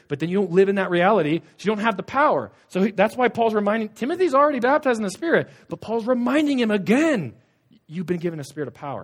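A young man preaches to students. He is animated, punching some lines out loudly and dropping others to a hush. His voice sits a little high for a man. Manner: animated, swings between loud and hushed. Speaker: youth pastor. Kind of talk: sermon.

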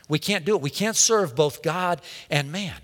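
A man's voice: fairly high pitch, normal speed, a bit bright, big-room sound. A male pastor preaching a sermon, emphatic, repeating refrains and asking the congregation questions.

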